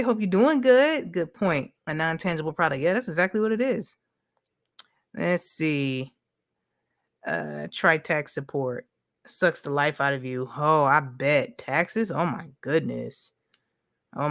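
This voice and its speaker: Low-voiced chatty woman livestreamer. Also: a little slow, no echo, studio quality. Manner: chatty, loose, heavy on "you know", reads chat aloud. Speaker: livestream host. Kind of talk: casual livestream chat.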